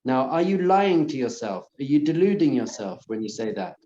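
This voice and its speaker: A man's voice: mid-range voice, sing-song, moderate pace. Man, rabbi teaching a class, earnest, encouraging, roomy sound, slightly muffled recording. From lives in Israel. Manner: earnest and encouraging, repeats phrases softly. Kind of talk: lecture to a live class. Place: lecture room with audience.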